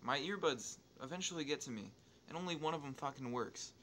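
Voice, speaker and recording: A young man telling a story casually, swearing constantly, rambling with restarts and excited jumps in volume. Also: a little high, a little hiss or hum. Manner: profane, rambling, restarts and asides; excitable, quick swings in loudness. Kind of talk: casual storytelling over gameplay.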